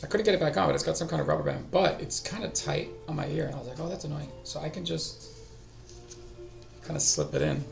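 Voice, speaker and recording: A man's voice: fairly high pitch, fairly quick, creaky, over music. A middle-aged man hosting a language-learning stream, talking casually and thinking aloud, often trailing off and restarting. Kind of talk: casual live-stream talk.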